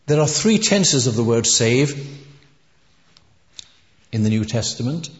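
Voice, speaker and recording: A man's voice: mid-range voice, darkish tone. Man preaching in an echoey hall. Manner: earnest, emphatic preaching that swells on key words. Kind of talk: sermon. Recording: dull, echoey hall recording.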